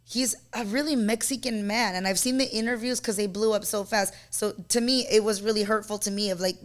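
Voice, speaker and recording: A woman co-hosting a podcast, telling stories in fast, animated casual chat full of "like". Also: medium pitch. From San Diego area. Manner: fast, animated storytelling with lots of "like". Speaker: podcast co-host.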